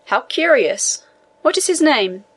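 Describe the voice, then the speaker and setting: A woman voicing a male government inspector who speaks in a measured, official manner in a storybook reading. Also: sits high, very animated, breathy edge, voice pushed up, full character voice. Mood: composed.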